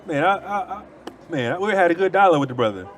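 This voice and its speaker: A man holds forth on a city street into a handheld mic, his voice sitting a little high. He argues hard and brushes his opponents off, repeating himself as the debate heats up. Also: animated, fast talker, fairly bright tone, a little hiss or hum. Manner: confrontational, dismissive, repeats himself. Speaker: street preacher.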